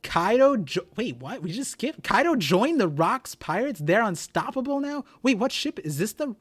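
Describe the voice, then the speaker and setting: A young man streaming live, reading a comic chapter aloud and reacting with excited exclamations and stammers. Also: sits high, moderate pace, slightly rough.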